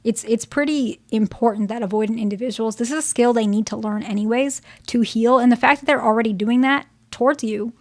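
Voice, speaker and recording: A young woman therapist talks straight to her audience in a casual, frank manner. Her voice sits a little high, and she keeps checking in with quick "okay?" and "right?" tags. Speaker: therapist giving relationship advice. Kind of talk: casual advice talk to viewers.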